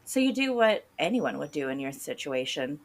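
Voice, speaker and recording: Low-voiced woman podcast co-host. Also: big pitch swings, normal speed. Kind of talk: casual storytelling chat.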